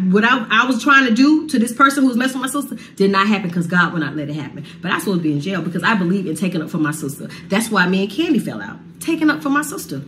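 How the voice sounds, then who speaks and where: A woman's voice: mid-range voice, a bit bright, a little hiss or hum. Impassioned woman telling her side. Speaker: singer telling her side of a family feud. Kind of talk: emotional sit-down talk.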